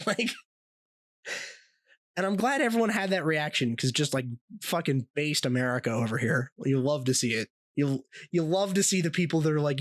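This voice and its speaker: A young man co-hosting a podcast, telling stories in a casual, animated way with plenty of swearing and laughter. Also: fairly high pitch, normal speed, no room sound. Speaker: podcast co-host.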